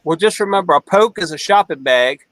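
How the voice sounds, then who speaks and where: A man with a high, bright, crisp voice jokes and teases through a casual chat. The sound is close and dry. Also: expressive, no room sound, rough recording. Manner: joking, quick to tease.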